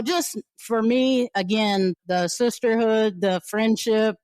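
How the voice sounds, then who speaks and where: A woman in her forties, a former player and team co-captain, reminiscing in a relaxed, conversational way at a friend's home. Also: lowish voice, no echo. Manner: relaxed, conversational, with frequent "you know". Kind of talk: reminiscing interview.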